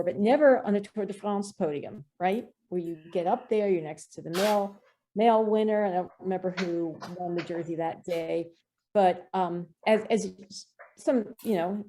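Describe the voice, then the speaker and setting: A woman's voice: mid-range voice, a little hiss or hum. A woman in her fifties, a film director chatting as a podcast guest, telling stories with lots of fillers. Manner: animated storyteller, many fillers. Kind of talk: casual interview chat.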